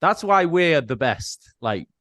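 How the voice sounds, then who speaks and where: Laid-back podcast host, dry sound. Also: male voice, a little high, sing-song, slow, a bit bright, no echo. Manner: laughs often, chips in with short questions. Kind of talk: casual chat.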